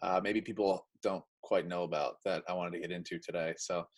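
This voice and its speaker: A man chatting casually as he explains and demonstrates arm training drills, with relaxed everyday examples. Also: low-pitched, a little fast, rough recording. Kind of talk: casual instructional chat.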